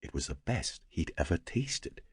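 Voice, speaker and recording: A man narrating an audiobook in a measured storytelling voice. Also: sits low, big pitch swings, breathy edge, no room sound, studio quality. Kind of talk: scripted narration.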